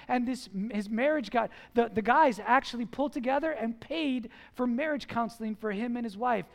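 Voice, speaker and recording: Middle-aged guy preaching, really high voice, gets loud on the big points then goes soft for the side comments. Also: normal speed, creaky, few pauses, long reverb tail. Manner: storytelling preacher, rises to emphatic peaks and drops to quiet asides. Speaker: pastor. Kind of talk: sermon.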